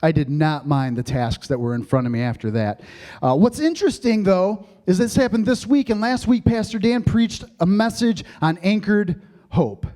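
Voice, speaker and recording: A man with a high voice preaches to his congregation as their pastor. He tells stories, cracks jokes and laughs along, and builds up lively excitement as he goes. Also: moderate pace. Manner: joking, storytelling, laughs often; animated, rising excitement. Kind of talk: sermon.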